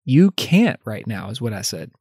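A man's voice: on the low side, very animated, normal speed, vocal fry, darkish tone, husky, dry recording, studio quality. A male life coach hosting a solo podcast, talking candidly and conversationally, laughing at himself and lifting his voice when he acts out example phrases.

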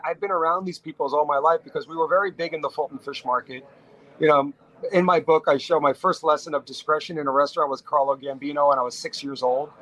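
A middle-aged man from New York, a restaurateur telling stories as a podcast guest, talking in quick bursts with frequent restarts. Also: a little high, rough recording. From New York, USA. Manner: animated storyteller, talks fast in bursts with frequent restarts. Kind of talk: casual storytelling interview.

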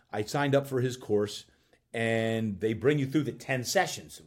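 A man, a coach and podcast guest, telling a personal story in an animated way and acting out bits of dialogue. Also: medium pitch. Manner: acts out dialogue in quick voices.

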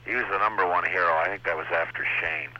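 A man's voice: sits low, steady tone, quick pace. A man from Canada, an impressionist telling chatty stories about his early years in an interview. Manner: chatty, laughing storyteller who slips into voices. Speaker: impressionist guest. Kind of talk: anecdotal interview chat. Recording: lo-fi radio recording.

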